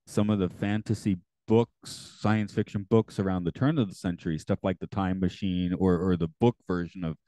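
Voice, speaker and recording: A man co-hosting a podcast in casual chat, relaxed and rambling with a wry humor. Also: sits low, normal speed, few pauses, no room sound. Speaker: podcast co-host.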